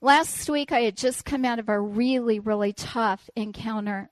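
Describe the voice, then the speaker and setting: A woman preacher telling a personal story in a sermon, animated and self-deprecating. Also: on the high side, normal speed, no echo.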